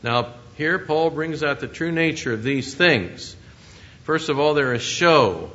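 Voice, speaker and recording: A man's voice: fairly high pitch, expressive, measured pace, bright, forceful tone, highs cut off. A man preaching a sermon in an earnest, conversational way, often asking his listeners questions.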